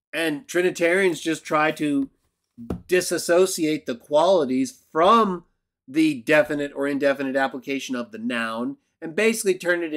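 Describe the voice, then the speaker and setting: A man teaching a Bible lesson in a video, argumentative and emphatic, who keeps checking in with "right?". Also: fairly high pitch. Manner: emphatic outbursts. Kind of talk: lecture-style video commentary.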